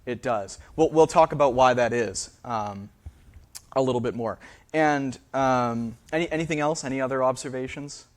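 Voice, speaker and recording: A man's voice: medium pitch, moderate pace. A man, a linguist, giving a public lecture in a theater, hesitant and full of fillers and restarts.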